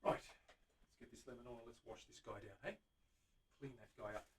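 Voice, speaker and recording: A man's voice: medium pitch, moderate pace, recorded from a distance. A man hosting a guitar-building live stream, chatting casually with viewers by name while he works and hums to himself. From Australia. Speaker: luthier host.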